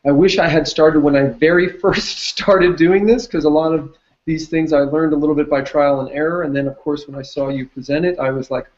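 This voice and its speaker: A man's voice: fairly high pitch, steady tone, brisk, a little mellow, muffled recording. A man speaking as an entrepreneur guest in a casual chat, sharing experiences and laughing easily. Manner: chatty, laughs easily, uses fillers. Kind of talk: casual conversation on a call.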